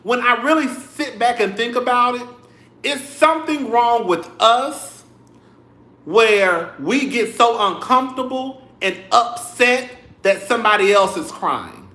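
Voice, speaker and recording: Sassy young guy ranting to the camera, high lively voice, echoey room. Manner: sassy, animated, cussing, talks to viewers as "girl". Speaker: vlogger. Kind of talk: casual commentary vlog. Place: home room.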